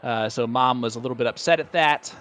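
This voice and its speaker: A man's voice: medium pitch, fairly quick, a bit bright. A man doing live darts commentary, bantering and joking at his own expense. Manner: joking, self-deprecating banter.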